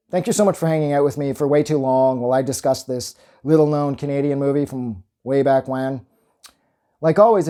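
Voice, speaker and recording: A man giving a casual, rambling film review. He gets excited, swears freely and goes off on tangents. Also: medium pitch.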